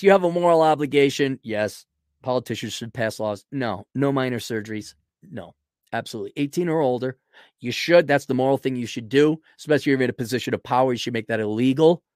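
A man hosting a podcast, delivering a blunt, mocking solo rant and often clearing his throat. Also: mid-range voice, animated, fast talker, a little mellow, no room sound, clean studio sound. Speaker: podcast host. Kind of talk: ranting solo commentary.

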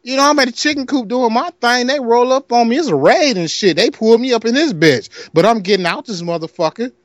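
A man with a Detroit accent and a notably high voice tells a rambling story. He plays the other voices as he goes, and the sound is dry and close. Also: a little fast, no echo. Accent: Detroit, Michigan. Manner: animated storyteller, acts out other voices, laughs often. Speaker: podcast co-host telling a story. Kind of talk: casual storytelling chat.

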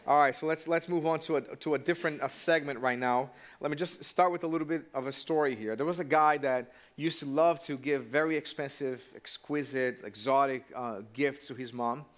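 A man's voice: medium pitch, fairly even intonation, fairly quick, few pauses. A man preaching a conversational sermon in church and often turning to the congregation with questions. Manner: casual and direct, asks the congregation questions. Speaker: pastor.

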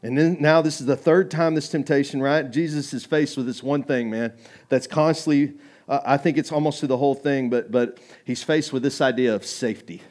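A man's voice: mid-range voice, fairly quick, darkish tone. Conversational male pastor preaching. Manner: conversational preaching, acts out quoted voices, rising to emphatic. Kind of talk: sermon.

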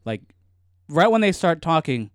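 A man's voice: on the high side, very animated, unhurried, dry recording, studio quality. A young man co-hosting a podcast in casual chat, laid-back, swearing freely and laughing often. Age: young adult. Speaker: podcast co-host.

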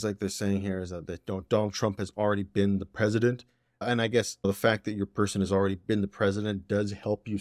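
A man hosting a political commentary podcast, opinionated and sarcastic with quick asides. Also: lowish voice, a little mellow, dry recording, studio quality. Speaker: podcast host.

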